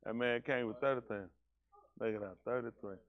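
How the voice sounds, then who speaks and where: A man's voice: medium pitch, steady tone, brisk, phone-quality sound. A man leading a congregation, bantering casually and teasing people in a joking, folksy way.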